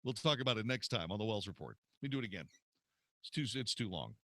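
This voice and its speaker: A man's voice: fairly low pitch, very animated, fast, fairly bright tone, dry recording. A man, a radio host, recording promo spots in a studio, telling a story with theatrical delivery and retakes.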